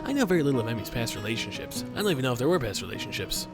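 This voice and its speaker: A man's voice: medium pitch, big pitch swings, very fast. A young man reading a visual novel aloud and joking between lines, rambling and swearing. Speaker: let's play host. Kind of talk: game commentary and reading aloud. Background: game music.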